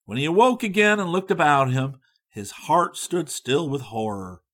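A man's voice: a little high, animated, normal speed, fairly bright tone. Man reading a storybook aloud. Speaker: narrator.

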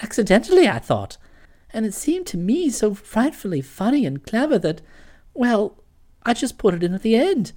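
A woman's voice: on the high side, big pitch swings, moderate pace, mellow, voice pushed down. A woman voicing an impulsive young woman who earnestly owns up to a mistake in a storybook. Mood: confessing. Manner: earnest, apologetic.

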